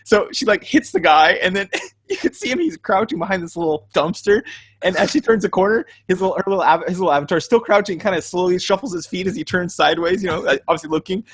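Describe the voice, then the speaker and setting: A man's voice: sits high, lively intonation, fast talker, breathy edge, dry recording. A man co-hosting a podcast in casual chat, telling stories with lots of laughter and acting out his own reactions. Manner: laughs often mid-sentence. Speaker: podcast co-host.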